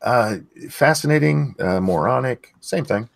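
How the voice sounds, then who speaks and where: A live stream host with a mid-range, gravelly voice speaks a little slowly but with animation. He's blunt and profane, reading chat messages aloud in a casual way, with lots of fillers and restarts.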